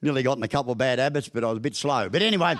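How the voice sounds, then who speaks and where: A man's voice: medium pitch, very fast, fairly bright tone. An Australian man in his sixties giving a motivational breakfast talk as a broad, joking storyteller with crude humour. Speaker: guest speaker. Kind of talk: motivational after-dinner talk. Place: function room at a business breakfast.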